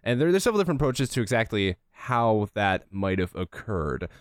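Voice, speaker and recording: A man's voice: on the low side, big pitch swings, clean tone, dry recording, clean studio sound. A man co-hosting a casual chat, presenting odd theories with many restarts and stifled laughs. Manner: halting, many restarts, laughs mid-sentence. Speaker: podcast co-host presenting theories.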